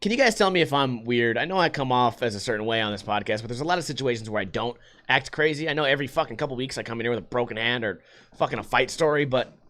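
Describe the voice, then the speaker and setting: A man's voice: mid-range voice, fast, fairly bright tone. A man hosting a podcast, telling a restaurant story in a casual, ranting, profane way. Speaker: podcast host. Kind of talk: casual chat.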